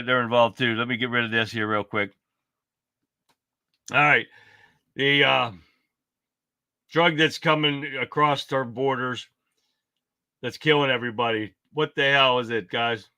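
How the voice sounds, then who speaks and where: A man's voice: mid-range voice, fairly even intonation, moderate pace, pauses often, sharp tone, smooth, no room sound. A man hosting a casual political livestream, fired up and rambling, swearing freely as he talks. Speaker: livestream host.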